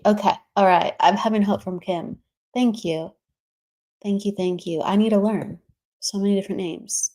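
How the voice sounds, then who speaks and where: A woman's voice: mid-range voice, a little slow, warm tone. A woman hosting a spiritual livestream, chatting casually and greeting viewers by name with frequent laughs. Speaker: livestream host. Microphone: streaming setup, remote.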